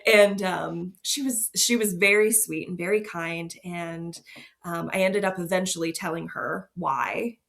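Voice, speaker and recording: Open, slightly gravelly woman telling her story. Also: lowish voice, unhurried, a bit bright. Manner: open, emotional storytelling with laughs. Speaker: fertility nurse guest. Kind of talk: candid podcast interview.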